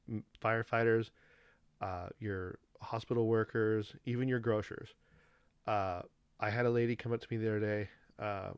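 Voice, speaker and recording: Low-voiced man telling a rambling story. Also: no echo. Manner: rambling, animated retelling with quoted dialogue. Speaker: podcast host. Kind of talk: casual storytelling monologue.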